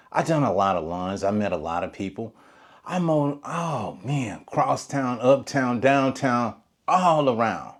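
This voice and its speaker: A man, a lawn care business owner, telling a story in a casual, colloquial vlog. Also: fairly low pitch. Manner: animated storyteller, Southern colloquial speech.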